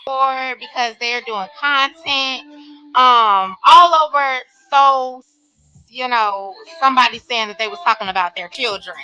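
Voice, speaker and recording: A woman chats to her live-stream viewers from her bedroom, greeting each one by name in long, drawn-out hellos. Her voice sits high and sounds bright. The sound is dry and close, and she sniffles now and then. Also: clean tone, no echo, muffled recording. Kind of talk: casual live-stream chat. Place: home bedroom.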